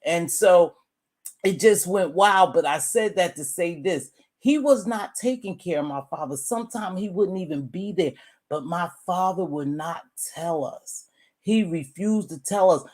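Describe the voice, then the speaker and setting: A woman in her sixties who speaks at a middling pitch. She tells a long family story to a live audience in a relaxed, chatty way, full of asides and lively retellings. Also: measured pace. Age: 60s. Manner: animated, chatty, calls listeners "baby" and "y'all". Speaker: guest telling a family story.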